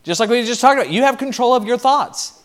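A man preaching a sermon as pastor, animated and lively, acting out the voices of people he quotes. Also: very high-pitched, fast.

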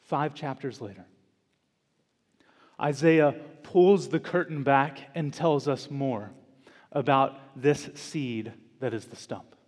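A man preaching a sermon as pastor in a church, slow and deliberate, with dramatic pauses and emphatic repetition. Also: mid-range voice, darkish tone. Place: church sanctuary. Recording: long church reverb.

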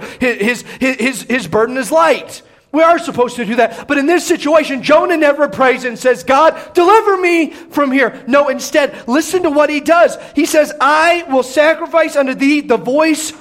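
A man preaching a sermon, swinging between loud, raised urging and hushed, prayerful low tones, reading scripture aloud. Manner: reads scripture in King James wording, repeats words when emphatic.

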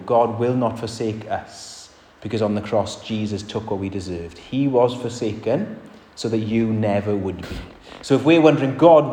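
A man's voice: fairly low pitch, mellow, a little hiss or hum. A man preaching a sermon in an earnest, conversational way, his emphasis rising and falling. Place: church. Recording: echoey church hall.

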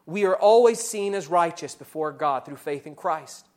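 At normal speed, a male pastor preaches earnestly, getting louder in passages of accusation and quieter and lower in passages of reflection.

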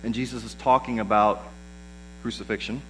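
A man's voice: on the low side, steady tone, moderate pace, a bit bright, a little hiss or hum, poor audio. A man preaching a sermon in a conversational way, acting out the lines of the people he quotes. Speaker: pastor.

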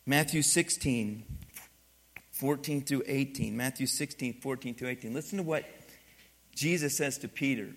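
A man preaching a sermon, moving from quiet teaching to loud, emphatic passages and asking the congregation for responses. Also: mid-range voice, normal speed. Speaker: pastor.

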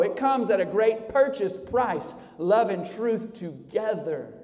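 A male pastor preaching a sermon, dropping low and quiet, then rising loud for emphasis. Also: big-room sound. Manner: preaching with sharp swings between soft low passages and loud raised emphasis. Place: church sanctuary.

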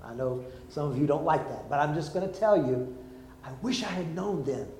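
A man's voice: fairly high pitch, moderate pace, roomy sound, slight background noise, poor audio. An older man preaching a sermon, telling stories and acting out the people in them. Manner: lively storytelling, acts out quotes. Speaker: preacher, former army chaplain.

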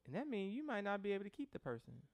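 A man's voice: high-pitched, huge pitch swings, very fast. A man preaching a sermon as pastor, joking with the congregation and mimicking people in a loose, conversational way.

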